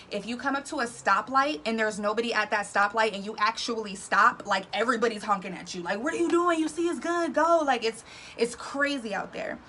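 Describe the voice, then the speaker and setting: Animated, slangy woman telling a story. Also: medium pitch, gravelly, slight background noise. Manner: animated, slangy, lots of "like" and "right?". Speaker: vlog storyteller. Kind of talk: casual storytime.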